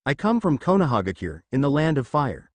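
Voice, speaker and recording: A man voicing a brash, impulsive young male ninja who talks in an excitable, loud way. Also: medium pitch, fairly quick, no echo.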